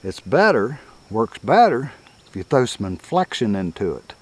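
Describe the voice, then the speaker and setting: A man's voice: mid-range voice, very animated, normal speed, husky. An older man, teaching coyote calling in a folksy, rambling, chuckling way. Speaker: coyote hunting instructor. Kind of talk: casual outdoor teaching.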